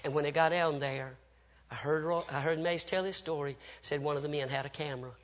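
Man, preacher, high voice, dramatic sermon story, hushed whispers, sudden cries. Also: fairly even intonation, brisk. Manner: acts out the people in the story.

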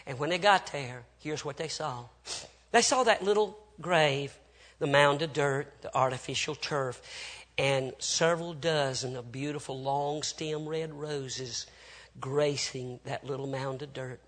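A man's voice: mid-range voice, unhurried. A man preaching a sermon, telling a story with great drama, dropping to whispers and rising to cries as he acts out the people in it. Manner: swings from hushed whispers to loud cries.

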